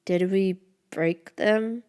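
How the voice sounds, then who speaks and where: A woman's voice: mid-range voice, very slow, darkish tone, clear, resonant tone. Wary young man, dry and sarcastic; narrator reads him. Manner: dry, muttering.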